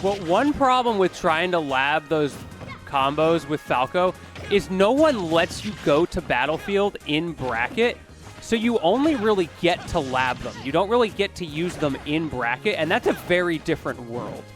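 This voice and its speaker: A male esports commentator with a somewhat high voice, breaking down plays in an easygoing, explanatory way and chatting with viewers. Faint music runs under the stream. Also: expressive, moderate pace. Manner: chatty, explanatory, talks to chat. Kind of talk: casual analytical commentary.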